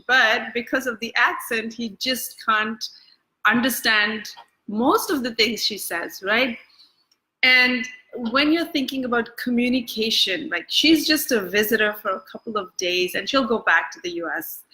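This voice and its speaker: Woman, wellness coach, casual talk to camera, bright tone, slightly high voice, loose and chatty with fillers. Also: unhurried, poor audio. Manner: conversational, many fillers and restarts. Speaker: EFT coach. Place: Bangkok.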